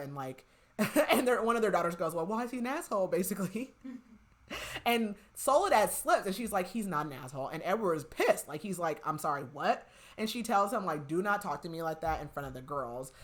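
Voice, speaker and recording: On her podcast, a young female host with a lowish voice retells a novel in a chatty, expressive way, talking a little fast. Her speech is packed with "like," and she recounts scenes by quoting what characters said.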